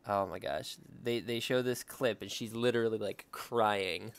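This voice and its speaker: A young man with a lowish, clear, resonant voice and some vocal fry talks a little slowly while drawing for his vlog. He chats casually and rambles in a relaxed way, thinking aloud as he works.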